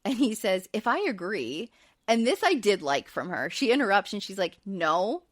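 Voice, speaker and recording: A woman's voice: medium pitch, big pitch swings, normal speed, no echo, clean studio sound. A woman hosting a podcast and recapping a reality show in casual, chatty talk, with plenty of fillers and light laughs. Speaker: podcast host.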